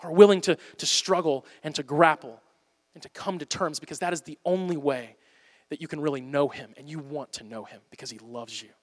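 High bright voiced pastor preaching hard, goes loud then quiet, big echoey church hall. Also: male voice, fairly quick. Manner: impassioned preaching, swinging from loud to hushed. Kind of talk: sermon. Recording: long hall reverb.

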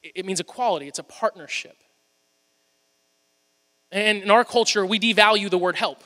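Here a pastor with a high, bright male voice gives a sermon at a moderate pace. He preaches through conversational, funny storytelling in a church sanctuary, and the recording carries the long reverb of a large hall.

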